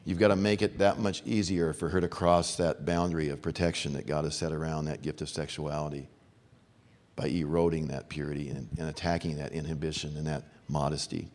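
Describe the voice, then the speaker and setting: A man's voice: extremely low pitch, steady tone, brisk, a little mellow. A middle-aged man preaching a sermon to fathers, earnest and storytelling. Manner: earnest, storytelling with acted-out voices. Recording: long hall reverb.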